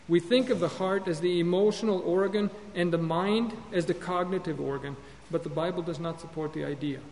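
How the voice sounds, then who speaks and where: A man's voice: high voice, darkish tone. A man teaching an earnest Bible lesson on counseling, sermon-style, often repeating and correcting himself as he goes. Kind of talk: classroom-style sermon lecture. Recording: long hall reverb with faint hum.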